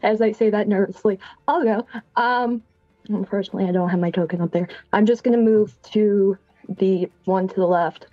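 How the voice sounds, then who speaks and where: A woman's voice: mid-range voice, fairly even intonation, fairly quick, dry recording, dull audio, faint music behind. A woman playing a tabletop game, hesitant and full of ums, with chatty asides. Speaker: player. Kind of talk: casual tabletop game play.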